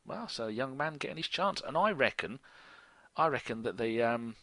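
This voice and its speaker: English male podcast co-host, jokey and chatty, fumbles names, bright tone, dry recording. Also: medium pitch, lively intonation, normal speed, no room sound. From England. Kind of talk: casual football chat.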